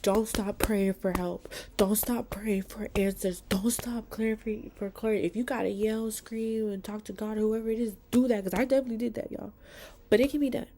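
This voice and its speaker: Woman, motivational vlogger, mid pitch, earnest, casual swearing, hushed near-whisper at times. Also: fairly even intonation, normal speed, slight background noise. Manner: earnest, heartfelt, swears, calls viewers y'all and baby. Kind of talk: casual motivational talk to camera. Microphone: self-filmed with a selfie light.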